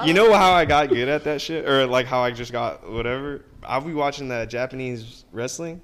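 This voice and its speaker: A young man co-hosting a podcast, talking in an excitable, profane, slangy way. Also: medium pitch, normal speed. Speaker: podcast co-host. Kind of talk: casual chat.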